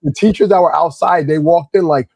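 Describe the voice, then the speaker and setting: Mellow-voiced man telling a story. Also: a little high, a little fast, vocal fry, no room sound, rough recording. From Irvington, New Jersey. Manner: animated storyteller, calm then rising. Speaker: guest, kids' Lego class instructor. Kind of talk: casual anecdote storytelling.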